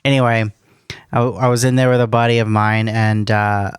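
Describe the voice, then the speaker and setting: A man's voice: fairly low pitch, level tone, normal speed, clean tone, no room sound, studio quality. A young man rambling through a casual podcast story, swearing a lot and laughing often. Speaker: podcast co-host. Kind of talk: casual chat.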